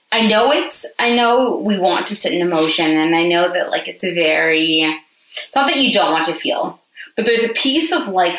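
A woman's voice: lowish voice, fairly bright tone, reverberant, recorded from a distance, poor audio. A woman co-hosting a podcast, chatting casually and expressively, acting out little quotes. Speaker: podcast co-host. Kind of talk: casual chat.

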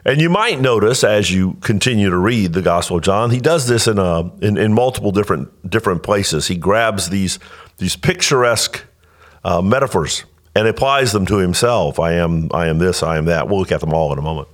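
A man's voice: low-pitched, brisk. A male pastor teaching about scripture in an earnest, explanatory way, often restarting his sentences. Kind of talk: teaching Bible talk.

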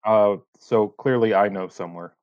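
A man playing a tabletop game, joking and quick with his remarks. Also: lowish voice, darkish tone, dry recording, muffled recording. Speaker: player. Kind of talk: casual tabletop play.

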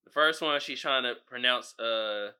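A man hosting a podcast, ranting in casual commentary, incredulous and animated, breaking into shouts and laughs. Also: medium pitch, measured pace, clear, resonant tone. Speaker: podcast host.

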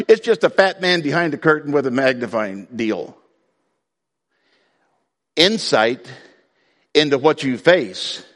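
A man preaching a sermon to his congregation in a conversational way, breaking now and then into loud outbursts. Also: on the high side, long reverb tail. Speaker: pastor.

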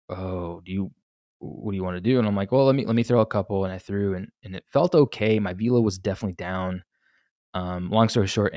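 A man's voice: sits low, darkish tone, no room sound, studio quality. A young man hosting a solo podcast, telling his story candidly and with a lot of swearing, full of restarts. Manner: candid, profane, rambling with restarts. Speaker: podcast host.

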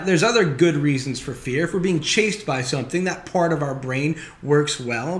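A man's voice: fairly high pitch, fairly bright tone. Conversational male pastor, echoey room. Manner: conversational, wry, reads scripture with emphasis. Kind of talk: sermon. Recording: roomy echoey sound.

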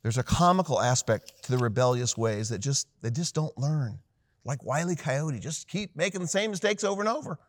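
A man preaching a sermon in an animated way, acting out quoted lines with sudden high, loud bursts. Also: fairly quick, no echo, studio quality. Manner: animated, voices quoted lines with big pitch jumps. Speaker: pastor.

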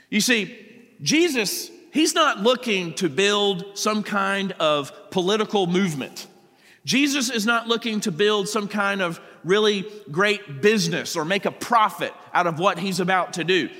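A man's voice: high-pitched, bright, forceful tone, big-room sound. A man preaching a sermon, reading scripture passages aloud and then explaining them to the congregation. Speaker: pastor. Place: church sanctuary.

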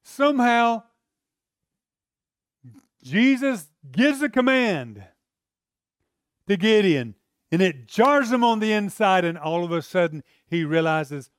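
A man delivers a lively sermon, acting out the voices he quotes and laughing as he goes. His voice sits high for a man. The sound is dry, with no room echo. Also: slow pace, pauses often, clean tone. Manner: animated preaching, acts out quoted voices, laughs often. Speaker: pastor.

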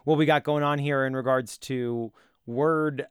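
A man co-hosting a comedy podcast, rambling with mock outrage and frequent restarts. His voice sits at a middle pitch and sounds smooth and clean. The recording is close and dry. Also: steady tone, unhurried, dry recording. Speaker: podcast co-host. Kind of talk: casual comedic banter.

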